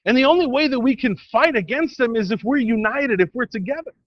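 A man preaching an informal sermon in a church, telling a story in a rambling, halting way full of restarts. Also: very high-pitched, expressive, dull audio.

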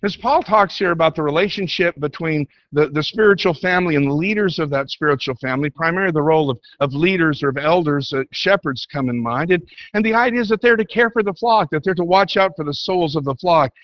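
A man delivers a sermon in an earnest preaching manner, his voice a little high for a man. He leans into quoted scripture, slowing down and lifting his pitch for emphasis. The sound is dull and lo-fi, dry and close. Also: expressive, dry recording.

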